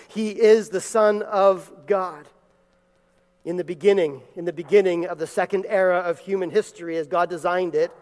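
Emphatic high-voiced preacher in a reverberant hall. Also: male voice. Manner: emphatic, building to loud peaks. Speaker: pastor. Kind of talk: sermon. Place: church sanctuary.

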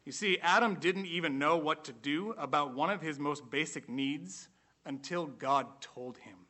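A man preaching a sermon in an earnest, emphatic way, slowing down to stress key points. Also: fairly high pitch, pushed and bright.

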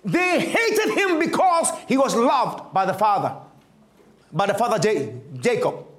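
A male preacher with a very high voice, telling a scripture story in an unhurried, dramatic way. His pitch leaps and dips widely, from loud bursts to near-whispers. The sound rings around an echoey room. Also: very animated. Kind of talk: sermon.

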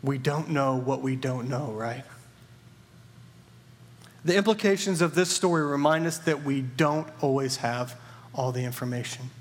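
A man's voice: mid-range voice, measured pace, long pauses. A man preaching a sermon in a friendly, joking storytelling way. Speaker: church partner preaching.

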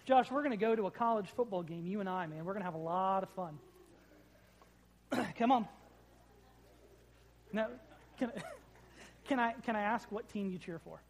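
A man's voice: high-pitched, moderate pace, pauses often, poor audio. A man preaching a sermon in a church to a live congregation, talking casually and joking with the people in the pews, on a corded microphone. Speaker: pastor.

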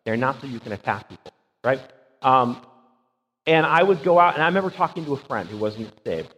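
Husky-voiced man preaching in a hall. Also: medium pitch, expressive, fairly quick, fairly bright tone. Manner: emphatic, asks rhetorical "right?". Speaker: pastor. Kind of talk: conversational sermon. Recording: dull sound with long hall reverb.

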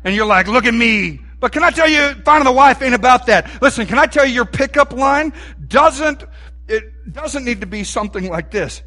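A man, preaching a sermon in a folksy, animated way and asking the room questions. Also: very high-pitched, moderate pace. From Texas.

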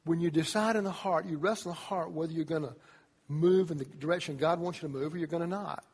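A man preaching a sermon to young people as a youth pastor, animated, acting out voices as he tells the story. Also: fairly high pitch, fast talker, slightly rough. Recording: long reverb of a large hall.

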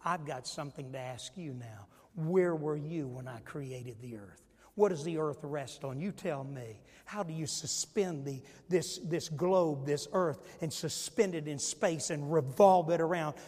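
Man doing god, low and stern, grilling someone with questions, big echoey church sound. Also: a little mellow, slightly rough. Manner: low, slow, commanding questions.

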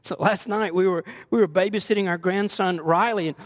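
An older pastor preaching to his congregation with a fairly high, light voice. He mixes earnest teaching with playful, joking asides to the people in front of him. The delivery is animated and conversational. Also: a little fast. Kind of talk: sermon.

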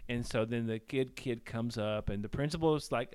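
A man hosting a podcast, telling a story in casual chat with halting restarts. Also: mid-range voice, a little mellow, smooth. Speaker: podcast host.

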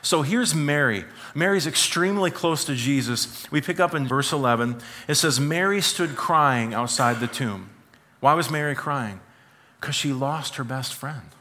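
A man preaching a sermon as pastor, conversational and animated, with frequent asides to the congregation. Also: medium pitch, a little slow.

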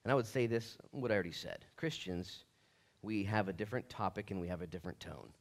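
Preaching with animation, this middle-aged male pastor voices the people in his story himself. His voice runs low and creaky, and he talks fast.

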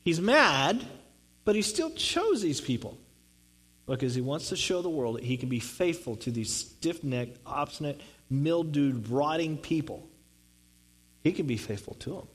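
A man's voice: on the high side, big pitch swings, moderate pace, rough recording. A man preaching a sermon, reading scripture and explaining it in a conversational way, often repeating words for emphasis. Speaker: pastor.

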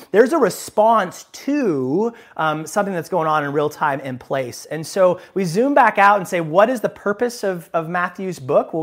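A male pastor giving a sermon in a conversational, joking style, breaking into self-deprecating asides. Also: sits high.

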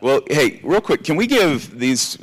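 A man preaching to a congregation, animated and acting out voices from a Bible story. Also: fairly high pitch, unhurried, a little hiss or hum. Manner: animated, acts out scolding and encouraging voices. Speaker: pastor. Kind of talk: sermon.

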